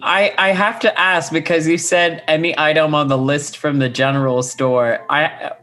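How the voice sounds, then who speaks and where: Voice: medium pitch, fairly even intonation, moderate pace, fairly bright tone, soft background music. A player in a tabletop game session, asking the game master questions with hesitant restarts.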